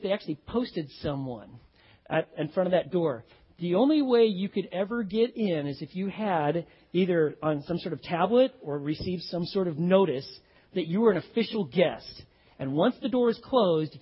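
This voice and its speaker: A man preaching a sermon as pastor, animated and acting out the voices of the people in his story. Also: high-pitched, slightly rough. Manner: animated, acts out voices of characters. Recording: dull audio with long hall reverb.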